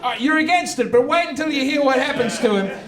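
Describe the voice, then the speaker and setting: A man's voice: very high-pitched, lively intonation, quick pace, fairly bright tone, recorded from a distance, a little hiss or hum. A man doing stand-up comedy in a brash, provocative, mock-earnest way at a live venue. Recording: echoey live venue from afar, crowd laughter.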